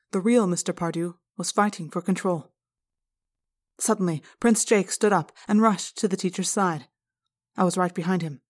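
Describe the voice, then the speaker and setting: A woman reading an audiobook aloud in the first person, with steady, measured narration. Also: lowish voice. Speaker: audiobook reader.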